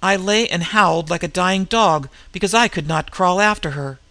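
An older wild-eyed warrior, as a man plays him speaks solemnly and intensely of old terrors. The voice is gravelly and bright, close and dry. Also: high voice, normal speed, no room sound, exaggerated voice. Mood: eerie.

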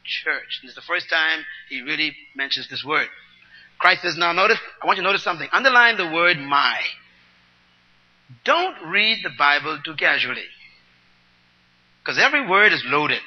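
A man preaching a teaching sermon, explaining scripture word by word and calling on the congregation to repeat after him. He swings between loud, emphatic bursts and soft asides. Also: fairly high pitch, lively intonation, normal speed, long pauses, highs cut off. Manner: teaching, asks the congregation to repeat and write words down.

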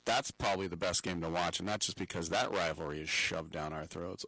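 A man's voice: sits low, steady tone, a little fast, hardly any pauses, sharp tone, no room sound, rough recording. A man hosting a sports radio show, talking baseball in an opinionated, jokey way and laughing at his own puns.

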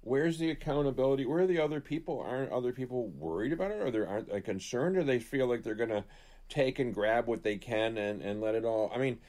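A man co-hosting a casual political talk show, rambling and animated, telling stories with many restarts. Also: mid-range voice, quick pace.

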